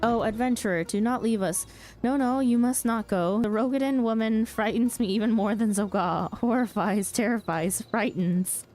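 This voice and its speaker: A woman's voice: fairly high pitch, normal speed, darkish tone, soft background music, pitched above the performer's own voice, natural voice. A woman reading as a fretful, echoing kobold. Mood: anxious fawning. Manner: frets and repeats words in strings of synonyms. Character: timid, fretful kobold, repeating everything. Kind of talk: reading game dialogue aloud.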